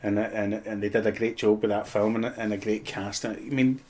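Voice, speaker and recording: A Scottish actor as a podcast guest, telling lively anecdotes with plenty of swearing. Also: male voice, lowish voice, normal speed. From Scotland. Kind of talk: casual podcast chat.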